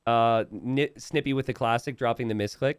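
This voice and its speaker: At a medium pitch and moderate pace, this man's clean voice comes through in studio quality without echo. As a game caster on stream, he riffs on viewer memes, giggling often mid-sentence, teasing chat, and correcting himself in a lively, chatty way.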